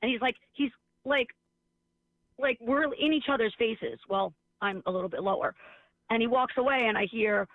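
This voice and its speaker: A sarcastic woman teacher tells animated stories in casual chat, acting out every part of the conversation. Her voice is high with a gravelly edge. It comes through a thin, phone-like line with no room sound. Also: normal speed, no echo.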